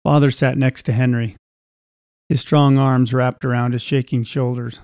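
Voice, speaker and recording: A man reading a scripted story aloud in a measured, even way. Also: mid-range voice, no room sound, studio quality.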